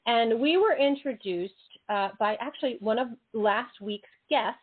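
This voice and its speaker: A bubbly, chatty woman hosting a radio interview, quick to laugh and exclaim. Her voice sits fairly high and comes through a thin, phone-like line. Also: breathy edge. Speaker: radio show host. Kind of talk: casual interview chat.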